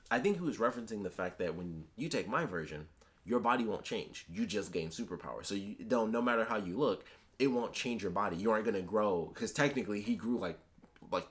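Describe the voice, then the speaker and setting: Fast-talking low-voiced man reviewing TV. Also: a bit bright. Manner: rambling, many fillers and restarts. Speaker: TV episode reviewer. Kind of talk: casual spoken review.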